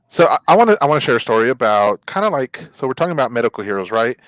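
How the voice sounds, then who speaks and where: A man's voice: medium pitch, fast, dry recording, poor audio. A man co-hosting a talk show, telling a personal story in casual chat and acting out the people in it. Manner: animated storyteller acting out quoted dialogue. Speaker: co-host.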